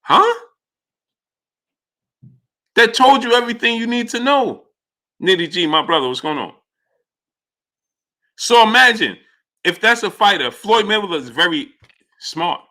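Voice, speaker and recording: A man's voice: sits high, very animated, moderate pace, long pauses, sharp tone. A man hosting a live boxing talk stream, talking emphatically with repeated fillers and frequent "you understand?". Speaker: sports talk show host.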